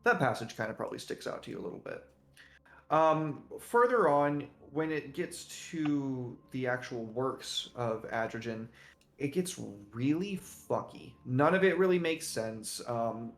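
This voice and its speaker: A man narrating a tabletop horror game as game master, halting with many fillers and restarts. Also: medium pitch. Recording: roomy echo.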